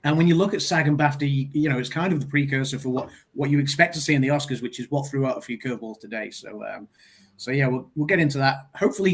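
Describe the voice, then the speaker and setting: A British man hosts a laid-back podcast chat at a middling pitch. He rambles along easily, full of "uh" and "um", and sounds relaxed throughout. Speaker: podcast host. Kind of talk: casual chat.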